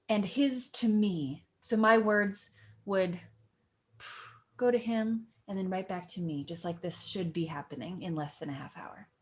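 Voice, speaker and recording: A young acting teacher with a medium-pitched voice walks through a monologue line by line, playful and animated, hitting key words hard for emphasis.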